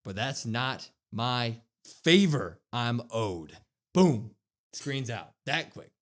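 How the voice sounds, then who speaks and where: Guy on a wrestling podcast, excited recap, jumps into loud voices when quoting people. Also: medium pitch, slow. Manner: animated, acts out quotes with raised voice. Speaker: podcast co-host.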